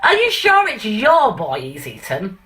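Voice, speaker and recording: A mild, polite male zookeeper, voiced by a woman in a northern English accent. His speech is courteous, with a lively, bright tone. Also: mid-range voice, a little slow, slight background noise. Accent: put-on northern English. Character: polite male zoo keeper.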